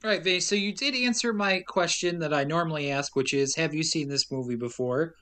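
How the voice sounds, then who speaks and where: A man hosting a casual podcast, lively and laughing often. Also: a little high, fairly quick, clear, resonant tone. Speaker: podcast host. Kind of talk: casual chat.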